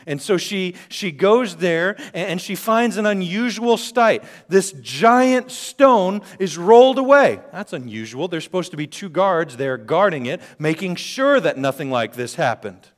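A man preaching a sermon, shifting between quiet and loud passages and joking with the congregation. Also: sits high, lively intonation, a little slow, hardly any pauses. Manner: dynamic, swings from quiet to loud. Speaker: pastor.

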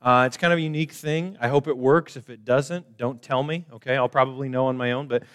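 A man's voice: medium pitch, fairly even intonation, fast talker, a bit bright, smooth. A man preaching a conversational sermon to his church, explaining plainly and poking fun at his own jokes. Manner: casual, self-deprecating joking preacher. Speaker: pastor. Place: church service.

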